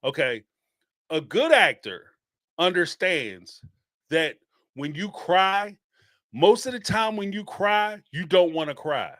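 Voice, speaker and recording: A man hosting a reality-TV call-in show, giving sarcastic, animated commentary and laughing often. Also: sits high, takes it slowly, no room sound, clean studio sound. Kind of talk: casual commentary.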